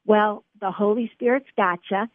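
A woman's voice: mid-range voice, fairly even intonation, moderate pace, dry recording. A middle-aged woman guest on a faith radio interview, speaking earnestly and encouragingly to the host. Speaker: author and guest. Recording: tinny phone line.

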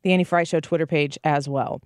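Animated woman talk radio host. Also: low-pitched, a little fast, clean tone, dry recording, studio quality. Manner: animated storytelling, acts out quotes. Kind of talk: conservative talk radio monologue.

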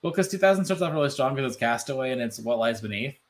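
A man co-hosting a casual podcast chat, animated and loose, full of "like" fillers and swearing. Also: mid-range voice, quick pace. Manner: animated, swearing, many "like" fillers, mimics voices. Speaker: podcast co-host.

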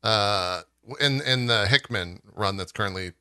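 A man co-hosting a podcast in casual chat, joking and pitching silly ideas. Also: unhurried, bright, forceful tone, clear, resonant tone, no echo, studio quality. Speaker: podcast co-host. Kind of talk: casual pop-culture chat.

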